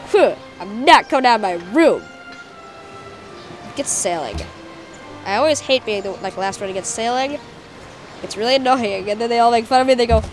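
Excitable woman doing let's-play commentary. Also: a little high, moderate pace, long pauses, faint music behind. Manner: excitable, jokey, talks to game units. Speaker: gameplay video host.

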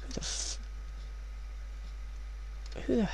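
A man doing let's play commentary in a hushed, low voice, rambling and reading game text aloud. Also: takes it slowly.

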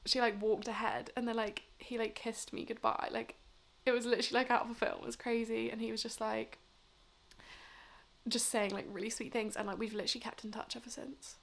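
A woman in her twenties, a vlogger, chats casually to camera late at night while drunk and tired, rambling with lots of fillers. Her voice is fairly high and gravelly, with a level tone and a slightly fast pace.

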